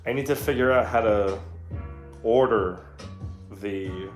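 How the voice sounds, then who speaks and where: A streamer whose voice is on the low side and slow-paced chats casually during a livestream from a home room where he's painting. He laughs a lot and swears plenty as he tells stories, over roomy echo and faint guitar.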